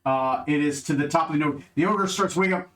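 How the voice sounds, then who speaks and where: A man's voice: a little high, fast, fairly bright tone. A man running a tabletop game as game master, narrating in a laid-back, jokey way.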